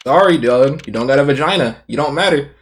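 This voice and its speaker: Loud swearing streamer guy, super lively pitch, jokey, cursing at the game. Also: quick pace, slight background noise. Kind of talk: casual game commentary.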